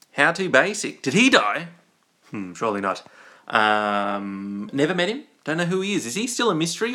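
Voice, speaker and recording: Bright, goofy Australian young man. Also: mid-range voice. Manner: rambling and goofy, with playful asides. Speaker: livestream host. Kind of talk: casual live-stream chat reading viewer comments.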